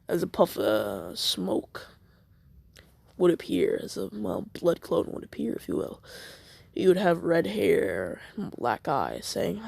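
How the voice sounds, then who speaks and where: A man's voice: high-pitched, very animated, measured pace, creaky, darkish tone, dry recording. A man improvising a fan story, rambling and hesitant, correcting himself as he goes and jumping between voices. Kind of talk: improvised fan fiction narration.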